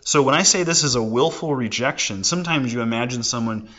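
A man's voice: medium pitch, fairly quick, a bit bright, dull audio. A man in his forties preaching a sermon in a conversational, folksy way with casual asides. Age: 40s. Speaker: pastor.

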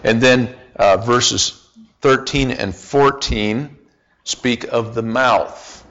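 Slow, deliberate male Bible teacher. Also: medium pitch, fairly bright tone, lo-fi sound. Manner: slow, deliberate, with frequent uh fillers and restarts; asks the group questions and repeats answers. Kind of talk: Bible study lesson.

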